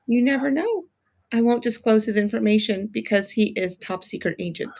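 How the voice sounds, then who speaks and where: A woman's voice: fairly high pitch, a little fast, vocal fry, a little mellow, slight background noise. A woman guest in a casual chat, playful and teasing.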